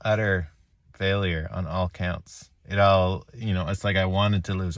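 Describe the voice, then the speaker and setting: A man with a low voice rambles wryly to his audience, turning his own mistakes into jokes. He breaks off and restarts often, with small laughs in between. The sound is dry and close, with no room around it. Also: fairly even intonation, no echo. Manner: wry, laughing at himself, halting restarts. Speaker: chess vlogger. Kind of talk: rambling self-deprecating reflection.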